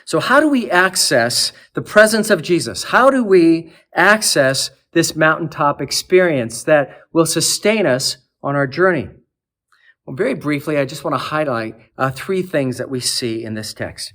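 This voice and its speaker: A man preaching a sermon in earnest, building lists of words and easing down to a soft, low close. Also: lively intonation, measured pace. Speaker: archdeacon preaching. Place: cathedral.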